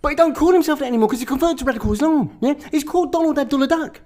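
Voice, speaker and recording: A rapid, high-pitched talker who rattles off absurd tales with a straight face. He caps almost every sentence with a questioning "yeah?", staying earnest and deadpan throughout. The voice sits well above a normal man's, and the delivery barely pauses. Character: deadpan English activist man telling absurd tales. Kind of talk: parody interview impression.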